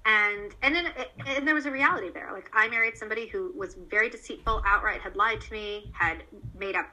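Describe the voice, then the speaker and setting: Female interview guest, a mother; earnest, animated, loose with fillers; bright, tense tone. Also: mid-range voice, brisk, a little hiss or hum, poor audio. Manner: earnest, animated storyteller with many fillers and restarts. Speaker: guest, parent of a child cancer survivor. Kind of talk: candid conversational interview.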